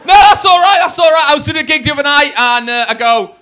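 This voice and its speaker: A man with a Northern English accent doing live stand-up, his high voice bouncing all over the place. He tells self-mocking stories and swears freely, with a lively, animated delivery. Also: fast talker, few pauses. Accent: Northern English (Warrington). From Warrington, England. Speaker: stand-up comedian. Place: comedy club stage.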